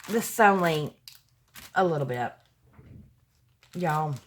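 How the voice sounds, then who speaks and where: A woman's voice: low voice, drawn-out words, slight background noise. Gushing woman unboxing gifts. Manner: gushing, excitable, gasps and exclaims, addresses viewers as y'all. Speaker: vlogger opening a gift package. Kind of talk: casual unboxing chat. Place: home at night.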